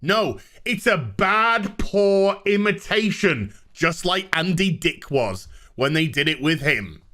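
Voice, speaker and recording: A man tearing into a TV episode with sarcastic, dismissive energy. His voice sits a little high, swings wildly in pitch and has a bright, forceful edge. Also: big pitch swings, slow pace. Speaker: show reviewer. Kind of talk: ranting TV review.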